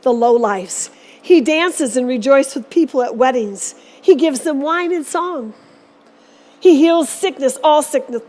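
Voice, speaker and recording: High-voiced woman preaching earnestly. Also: a little slow, mellow. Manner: earnest, exhorting. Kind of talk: sermon. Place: church.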